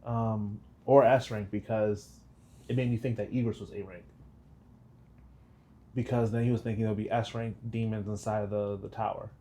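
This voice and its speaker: A man hosting an anime reaction video in casual chat, joking and rambling, breaking into high laughs. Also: fairly even intonation, moderate pace, warm tone. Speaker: reaction channel host.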